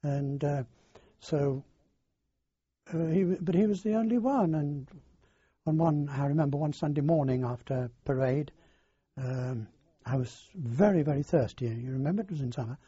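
Older man, rambling recollection, breathy voice, dull lo-fi sound. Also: a little high, mellow, no echo. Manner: halting, rambling storyteller with many fillers. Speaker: interviewee. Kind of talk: oral history recollection. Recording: dull lo-fi dry recording.

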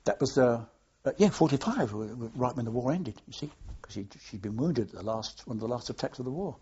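A man's voice: mid-range voice, animated, brisk, mellow, breathy edge. An older man, a war veteran, telling anecdotes in an oral history interview, rambling and restarting as he goes. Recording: dull lo-fi archive tape.

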